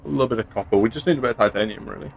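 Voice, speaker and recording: A man's voice: medium pitch, very fast, vocal fry, a little hiss or hum. A man from England casually chatting through a game stream, playful and chatty, throwing in silly sound effects. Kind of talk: casual gameplay commentary.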